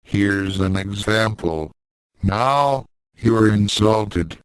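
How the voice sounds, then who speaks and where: A man's voice: fairly low pitch, drawn-out words, smooth, no echo, poor audio. A man reading fan fiction aloud and voicing a sarcastic, mind-reading invisible cat with a dry, mocking manner. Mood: condescending.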